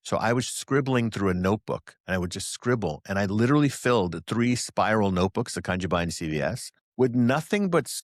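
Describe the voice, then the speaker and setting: Deep-voiced man telling animated stories. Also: fairly quick, hardly any pauses, no echo, clean studio sound. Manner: animated storyteller who acts out quoted voices. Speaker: guest psychic channeler. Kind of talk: casual interview conversation.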